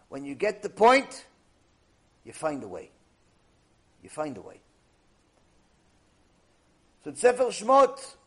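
A man teaching a Torah lecture, speaking emphatically with lots of rhetorical repetition. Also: a little high.

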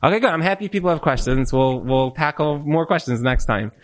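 A man's voice: a little high, fairly quick. Earnest man teaching a marriage class. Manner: earnest, repeats words, acts out quoted spouses. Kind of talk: lecture with audience Q&A.

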